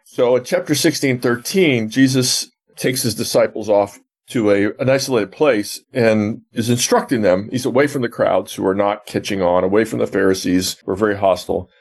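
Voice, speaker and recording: A professor of biblical theology answers interview questions and explains a gospel passage the way a teacher would. His voice is on the low side, at a moderate pace with hardly any pauses, and he earnestly retells scenes using quoted dialogue.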